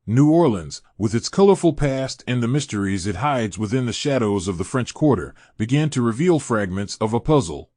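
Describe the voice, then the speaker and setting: Guy narrating a true crime story, dramatic and measured, mid pitch, dead dry sound. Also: a little mellow, dry recording. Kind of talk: scripted narration.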